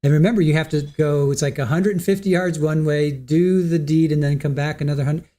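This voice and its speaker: Livestream host, male, warm and slightly high voice, unscripted and halting, mulls over viewer comments. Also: steady tone. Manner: hesitant, repeats words, thinks aloud; reads viewer comments and answers them. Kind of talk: casual commentary reading chat.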